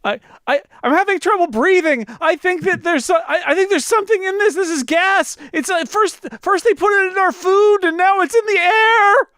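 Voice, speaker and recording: A man voicing a panicky, paranoid party guest who stammers, chokes on gas, and shouts to the crowd. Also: extremely high pitch, moderate pace, few pauses, no room sound, studio quality. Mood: panicked. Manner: stammering, frantic, then shouting.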